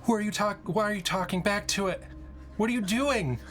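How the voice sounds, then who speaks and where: A man voicing a frightened, self-doubting young woman who speaks in halting, anxious phrases in a tabletop game. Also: fairly low pitch, fairly even intonation, fairly bright tone, soft background music. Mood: panicked.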